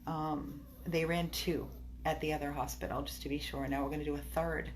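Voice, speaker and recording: A woman's voice: low voice, flat delivery, fairly quick, noisy background. A tearful, upset woman giving an emotional video update to her viewers from an animal hospital exam room, pleading and repeating herself. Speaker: dog rescuer.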